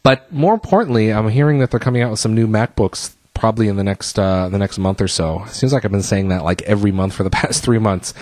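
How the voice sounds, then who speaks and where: Male podcast host, low voice, loose rambling solo chat, dry close mic. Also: fast talker, hardly any pauses, darkish tone, no room sound. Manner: casual, rambling with fillers and restarts. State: out of breath.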